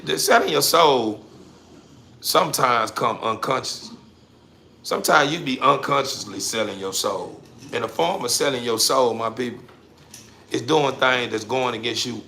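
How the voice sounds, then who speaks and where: A man giving a preachy motivational rant straight to the listener, repeating his points and swinging from low muttering to loud emphatic bursts. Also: vocal fry, slight background noise. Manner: preachy, addresses listener directly, repeats himself. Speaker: social media commentator. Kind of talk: motivational street-talk rant.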